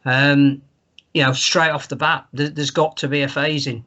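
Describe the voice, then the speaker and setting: A man co-hosting a podcast in casual chat, measured and thoughtful. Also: fairly high pitch, little pitch movement, pushed and bright. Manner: measured, thoughtful, some hesitation. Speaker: podcast co-host. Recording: dull, lo-fi remote line.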